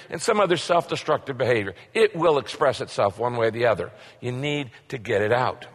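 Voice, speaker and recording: A man's voice: on the high side, fairly bright tone, in a large hall. A middle-aged man preaching a sermon as pastor, with an emphatic, repetitive cadence.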